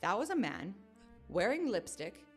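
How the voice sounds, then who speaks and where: Female reaction host, animated and exasperated, faint music behind. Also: medium pitch, a little slow, breathy edge. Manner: exasperated, emphatic. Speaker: livestream host. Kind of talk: casual reaction commentary.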